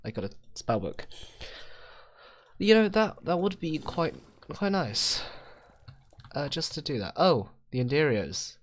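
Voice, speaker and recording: A man's voice: a little high, sing-song, a little slow, long pauses. A man rambling through casual game commentary, self-mocking and swearing freely. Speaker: gaming video host.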